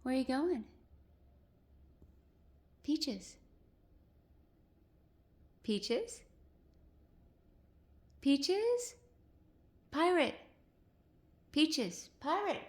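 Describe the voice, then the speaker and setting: A woman filming a casual vlog while cat sitting, talking to a kitten in sweet, high baby talk, recorded indoors at home. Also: animated, drawn-out words, long pauses.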